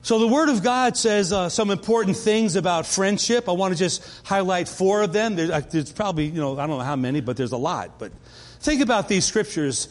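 A man's voice: sits high, animated, fairly quick, long reverb tail. A man preaching a sermon as pastor, talking in a conversational way and often restarting his sentences. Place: church.

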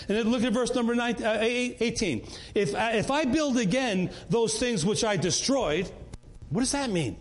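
A man's voice: very high-pitched, normal speed. A man leading a Bible study in an earnest, conversational way, often repeating words and restarting.

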